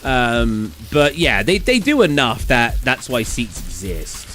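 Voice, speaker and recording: A British man chatting casually on a live stream, rambling and energetic with sudden loud bursts. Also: mid-range voice, slow pace, faint music behind. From Britain.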